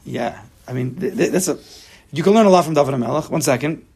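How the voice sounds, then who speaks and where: A man's voice: on the high side, fast, creaky, a little mellow, slightly rough. A man teaching a religious text class to students, emphatic, often acting out imagined inner voices. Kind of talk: Torah class lecture, explaining a text to students.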